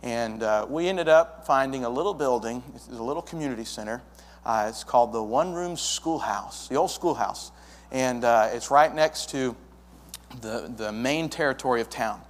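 A man's voice: mid-range voice, normal speed. A young man planting a church, telling his story to a congregation in a folksy way and acting out the dialogue. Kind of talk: testimony to a congregation. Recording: long hall reverb.

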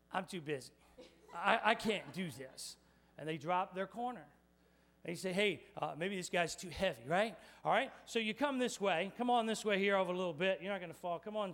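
Preaching with a lively, playful spirit, this male pastor directs volunteers during an on-the-spot demonstration and talks straight to his congregation. His voice sits high.

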